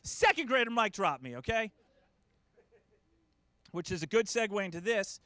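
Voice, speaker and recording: Self-mocking stand-up dad, high voice. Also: male voice, expressive, normal speed, pushed and bright, no room sound. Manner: self-deprecating, acts out quoted voices. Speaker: stand-up comedian. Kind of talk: stand-up comedy set.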